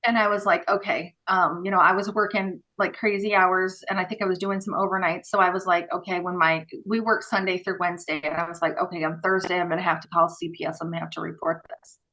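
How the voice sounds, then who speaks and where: A woman guest on a podcast, telling stories in a casual, animated way with many fillers and acted-out dialogue. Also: lowish voice, quick pace, hardly any pauses, rough recording. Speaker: podcast guest, former group home worker. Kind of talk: casual interview storytelling.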